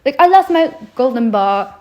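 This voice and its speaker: A spoiled young princess, whiny and selfish, with a slightly high voice. She talks in a loose, chatty way, as a woman puts her on. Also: animated, moderate pace, warm tone. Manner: whiny, casual retelling.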